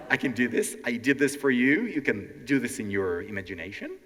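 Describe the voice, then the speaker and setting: A man from Ukraine hosting a live educational stand-up show, animated and teacherly, often checking in with the audience. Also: medium pitch, fairly quick. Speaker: language teacher and show host. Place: large hall before a live audience. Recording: long hall reverb.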